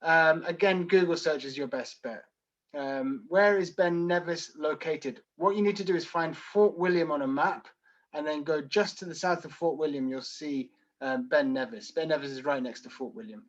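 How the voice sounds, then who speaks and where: A man's voice: a little high, highs cut off. Wry man with a mild Edinburgh accent. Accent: mild Edinburgh Scottish, softened by London. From Scotland. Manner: brisk, dry and wry, reading questions aloud then answering. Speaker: tour guide answering audience questions. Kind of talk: live online Q and A.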